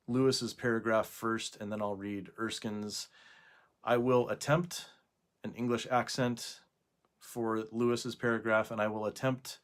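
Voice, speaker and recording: A man talking casually to camera indoors for a video response, hesitant, with frequent pauses and fillers. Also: on the low side. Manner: hesitant, with many fillers and restarts. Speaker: YouTuber making a video response. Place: indoors at night.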